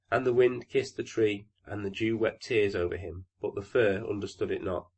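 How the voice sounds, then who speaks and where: Calm man narrating a fairy tale. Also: on the low side, moderate pace, hardly any pauses. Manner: calm, even storytelling. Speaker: audiobook narrator. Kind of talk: storybook narration.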